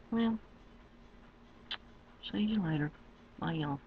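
Woman webcam vlogger, slow drawl, wildly lively pitch, dull lo-fi mic. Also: slight background noise. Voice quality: drawling, swings between low mutters and loud squeals. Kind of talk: rambling webcam monologue.

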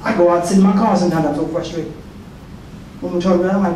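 Folksy preaching man, high and echoing. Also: rapid-fire, mellow. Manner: folksy and preacherly, acting out quoted voices, joking with the crowd. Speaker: soldier giving a prayer breakfast talk. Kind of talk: sermon. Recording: echoey hall from far off, faint noise.

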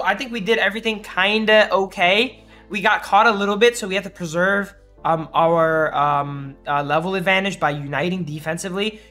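A hoarse man streaming a game, giving hyped, trash-talking live commentary to his chat. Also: high-pitched, bright, forceful tone.

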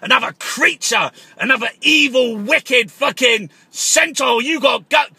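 A man, a taxi driver and artist, shouting and swearing through a comic paranoid rant on the phone. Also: very high voice, measured pace, husky, dry recording. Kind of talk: comic ranting phone call.

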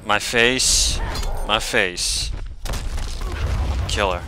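A man giving casual gameplay commentary, excitable, swearing and shouting at the game as he plays. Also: on the low side, very slow, background noise. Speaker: video game player. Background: game music.

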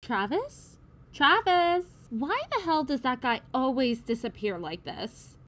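A woman's voice: sits high, big pitch swings, slow pace, fairly bright tone, exaggerated voice. A woman voicing a vain, bossy young female Koopa princess who talks in a bratty, complaining way. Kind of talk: fan-made cartoon voice acting.

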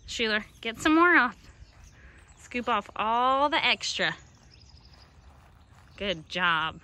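A woman's voice: on the high side, sing-song, slow, sharp tone. A woman art teacher demonstrating a craft project outdoors, giving patient, coaxing instructions to young children.

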